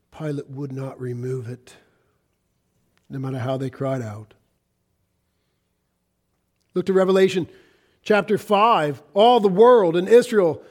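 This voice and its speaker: A man with a notably high voice delivers a fervent sermon, reading scripture aloud. He swings between loud, ringing cries and hushed, breathy whispers. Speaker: preacher.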